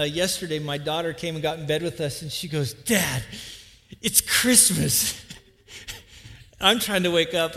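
High-voiced pastor telling a funny story. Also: male voice, sharp tone. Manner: chatty storyteller, acts out family voices. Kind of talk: humorous sermon story. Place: church hall with live audience. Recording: long hall reverb.

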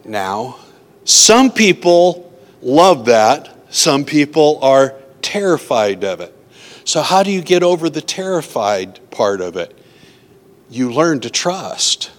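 A man delivers an earnest, conversational sermon at an ordinary middle pitch. He tells personal stories and voices his own anxious thoughts along the way. His voice carries a long hall reverb. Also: very animated, measured pace. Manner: earnest, acts out his own inner voice in quotes. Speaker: preacher.

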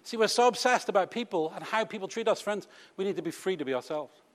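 A British man with a high voice and lively intonation preaches at a quick pace. Teasing and conversational, he peppers his congregation with rhetorical questions, and the church hall adds a long reverb.

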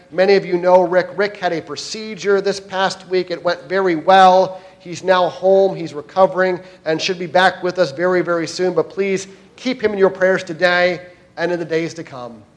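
A man preaching a sermon as pastor at a church service, addressing the congregation directly and earnestly. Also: high-pitched.

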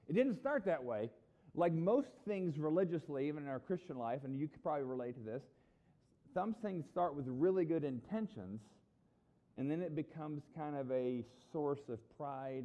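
A man preaching a sermon in a lively, conversational way, with humorous asides to his congregation. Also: mid-range voice, moderate pace, highs cut off. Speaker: pastor.

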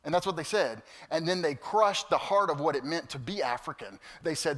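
A man preaching a sermon to his congregation, animated and storytelling, swinging from loud to hushed. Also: on the high side, brisk, few pauses. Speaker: pastor. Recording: long hall reverb.

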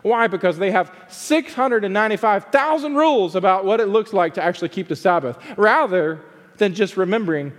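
High-voiced male pastor preaching, big pitch swings, loud then hushed, long hall echo. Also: animated, fairly quick. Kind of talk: sermon.

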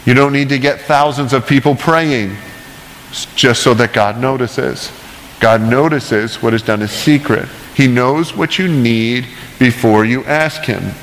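A man's voice: mid-range voice, measured pace, long reverb tail, slight background noise, low-quality recording. A male pastor preaching a casual, conversational sermon with chatty, self-deprecating asides and frequent "right?" checks.

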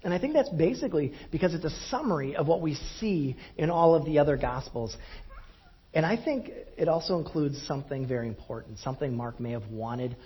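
A man preaching in a church, his voice very husky and breathy and sitting a little high for a man. He talks conversationally and pokes fun at himself between points. The recording is dull and lo-fi. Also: lively intonation, brisk. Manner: conversational, self-deprecating, laughs at his own story. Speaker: pastor. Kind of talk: sermon with personal anecdote.

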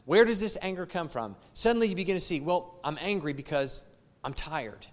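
A man's voice: fairly high pitch, expressive, brisk, long reverb tail. A man preaching a sermon as pastor, repeating phrases and asking the congregation rhetorical questions. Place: church.

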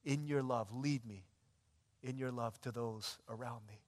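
Male pastor, sermon delivery, animated storyteller, reverberant sanctuary. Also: medium pitch, measured pace. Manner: animated storytelling with shifts between loud and hushed. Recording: long hall reverb.

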